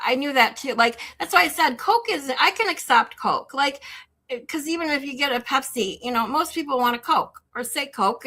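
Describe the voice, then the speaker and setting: A woman with a Michigan accent, hosting a livestream and chatting casually with her viewers, animated and rambling, often incredulous. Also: high voice. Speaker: livestream host. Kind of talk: casual chat with live chat. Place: home in Texas.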